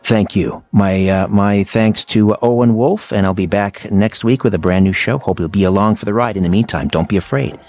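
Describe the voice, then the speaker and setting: A man hosting a radio talk show, measured and conversational. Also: lowish voice, darkish tone.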